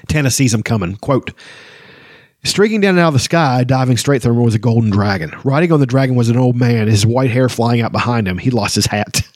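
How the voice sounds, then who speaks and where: A chatty man rambles through a book discussion, stopping often for ums and you-knows as he reads passages aloud. His voice sits at a middle pitch and sounds close and dry, with no room around it. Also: darkish tone, no echo. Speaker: book discussion podcast host. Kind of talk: casual book reading and commentary.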